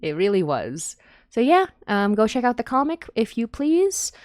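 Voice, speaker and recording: A woman's voice: on the high side, sing-song, moderate pace, a little mellow, dry recording. Giggly chatty woman streaming. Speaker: podcast host on a fundraising stream. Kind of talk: casual stream chat.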